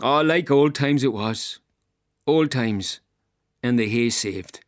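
A man's voice: medium pitch, slow pace, close to an everyday voice. A man reading a stage part as an elderly rural Irish man with an Irish accent, in a folksy storytelling manner. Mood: wistful. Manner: folksy storytelling, colloquial grammar. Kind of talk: dramatic reading.

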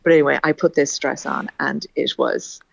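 Lady guest, gravelly voice, dry, sounds lo-fi, gushing away. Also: extremely low pitch, steady tone, moderate pace. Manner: effusive, bubbly, repeats herself. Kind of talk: casual interview chat.

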